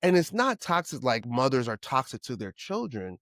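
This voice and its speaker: A man in his forties hosting a solo podcast, talking candidly and emotionally, swearing casually, restarting often with his pitch swinging widely. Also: very animated, normal speed, fairly bright tone, no echo, studio quality. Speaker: podcast host.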